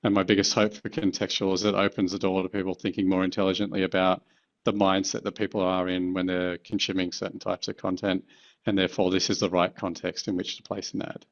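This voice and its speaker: A man working as an advertising executive, answering interview questions in a measured, thoughtful way with the odd filler. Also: sits low, level tone, highs cut off.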